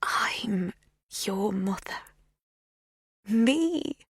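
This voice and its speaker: A woman voicing an intense, tender, unsettling older woman in a breathy whisper. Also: fairly low pitch, sing-song, normal speed, no echo, clean studio sound, voice pushed up. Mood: hushed intense.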